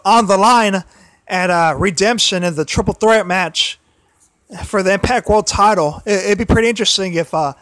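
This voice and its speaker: High-voiced man with a tired, sore throat. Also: a bit bright, dry recording. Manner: halting, many restarts and repeated phrases. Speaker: wrestling livestream host. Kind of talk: casual solo livestream commentary.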